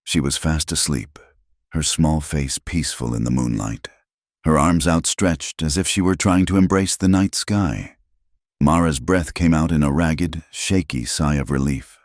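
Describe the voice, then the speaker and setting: A man narrating a scripted story in a measured, steady way. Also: very deep voice, no room sound, clean studio sound.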